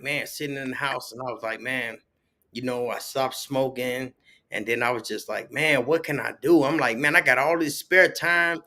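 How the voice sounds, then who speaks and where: A man's voice: mid-range voice, bright, forceful tone. A man talking casually as a podcast guest, telling stories with plenty of slang and acting out the voices he quotes. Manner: storytelling, acts out quoted voices, loose slang. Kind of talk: casual conversation.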